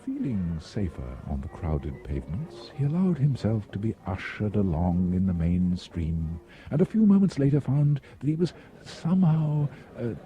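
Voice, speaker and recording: Low-voiced man reading a wry tale. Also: highs cut off. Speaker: storyteller. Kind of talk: reading a travel memoir aloud.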